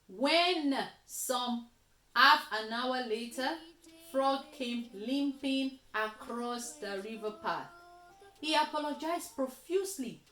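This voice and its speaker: A woman reading a children's story aloud, slowly and expressively, as host of a kids' reading session. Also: high voice, reverberant. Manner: slow, expressive read-aloud with lively voices.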